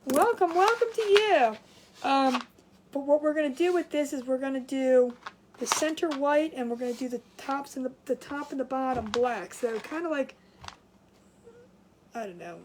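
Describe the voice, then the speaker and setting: A woman's voice: high-pitched, moderate pace, background noise. A woman from Maryland hosting a casual craft livestream, out of breath and chatting while greeting viewers by name. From Maryland, USA.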